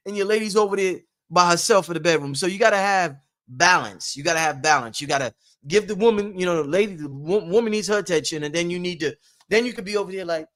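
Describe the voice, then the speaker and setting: A man with a slightly high voice speaks to his livestream audience in a loose, rambling way. He preaches his points and repeats them for emphasis, keeping a casual, motivational tone. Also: fast talker, fairly bright tone. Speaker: livestream host.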